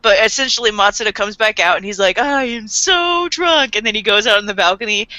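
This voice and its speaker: A woman's voice: mid-range voice, fast talker, no echo, highs cut off. A woman casually recapping an anime episode, laughing often and acting out characters' lines. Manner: animated retelling with laughs and voiced quotes. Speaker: podcast co-host.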